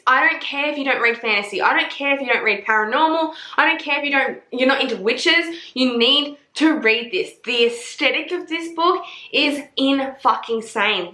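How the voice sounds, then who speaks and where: Young female book vlogger, effusive and foul-mouthed, bright tone, roomy echo. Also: fairly high pitch. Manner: gushing, profane, emphatic. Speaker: book reviewer. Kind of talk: casual vlog. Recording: echoey room.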